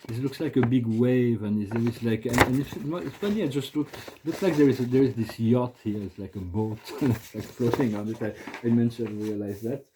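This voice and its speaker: A man hosting a casual spiritual video, soft-spoken and halting, often repeating words and restarting his sentences. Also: mid-range voice, background noise. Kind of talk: casual spiritual vlog talk.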